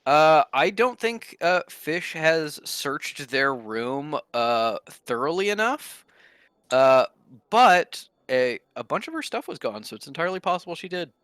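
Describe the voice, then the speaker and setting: A man narrating a tabletop game as game master, in a relaxed way full of fillers. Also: fairly high pitch, measured pace, smooth, no room sound.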